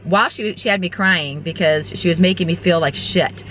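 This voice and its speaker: A woman in her forties records a casual vlog inside her car. Her voice is bright and forceful. She tells things candidly and rambles from one story to the next. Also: fairly low pitch, normal speed, a little hiss or hum. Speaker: vlogger. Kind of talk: casual chat.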